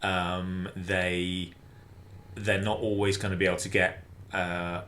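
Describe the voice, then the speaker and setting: A British man recording a halting, hesitant video question for the podcast hosts. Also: sits low, pushed and bright, a little hiss or hum. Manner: halting, hesitant, many pauses. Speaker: listener sending a video message.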